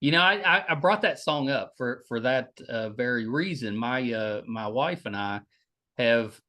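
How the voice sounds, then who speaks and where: A man with a West Virginian accent hosting a podcast interview, talking in a halting way with many restarts. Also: mid-range voice, animated, sharp tone. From West Virginia, United States. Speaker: podcast host. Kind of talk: casual interview chat.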